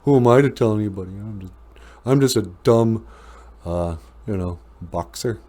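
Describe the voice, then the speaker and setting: A man voicing a gruff, kind-hearted working-class male boxer who talks in streetwise slang. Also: lowish voice, moderate pace, a little mellow, natural voice.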